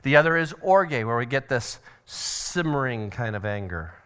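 A middle-aged man teaching a parenting seminar at church, animated and acting out family scenes with sudden shouted voices. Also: mid-range voice, normal speed, clear, resonant tone.

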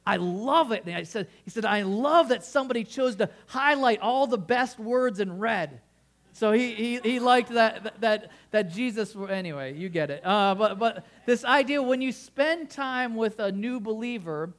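A man's voice: sits high, fairly bright tone. A male pastor preaching a sermon in a conversational way, often restarting phrases and asking the congregation questions.

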